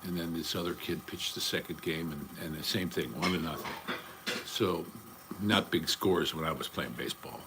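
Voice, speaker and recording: A man's voice: extremely low pitch, moderate pace, noisy background. An older man chatting casually on a livestream, rambling from topic to topic in a blunt, profane way. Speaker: livestream host.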